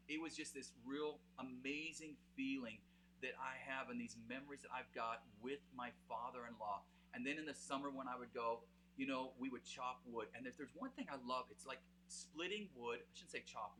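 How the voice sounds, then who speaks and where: A man's voice: mid-range voice, pushed and bright, slight background noise. A man with a Canadian accent hosts a live music stream in a casual, rambling way. He uses many fillers and talks straight to his viewers. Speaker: host of a live music show.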